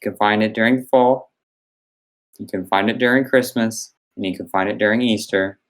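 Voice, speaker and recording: A man's voice: lowish voice, fairly even intonation, brisk, poor audio. A young man co-hosting a podcast, talking earnestly and enthusiastically in casual chat. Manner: earnest, enthusiastic about snacks. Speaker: podcast co-host.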